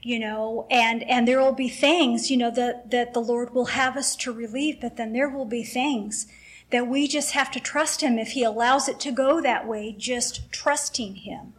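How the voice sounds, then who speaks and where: A woman's voice: on the high side, fairly even intonation, a little slow, breathy edge. A middle-aged woman sharing an emotional, rambling personal testimony with a faith group, acting out the dialogue as she tells it.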